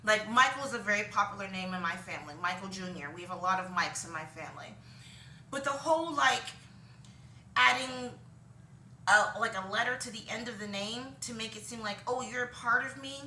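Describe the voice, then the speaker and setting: The woman's medium-pitched voice is pushed and bright, with slight background noise present. She rambles through opinions in a casual home vlog, laundry behind her, dropping frequent ums and laughing briefly at herself; the recording sounds roomy and distant from the mic.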